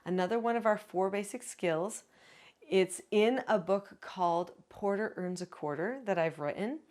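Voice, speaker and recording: A woman working as a parenting educator and author, calmly explaining parenting skills step by step in an advice video. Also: medium pitch. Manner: calm, instructive, explains step by step.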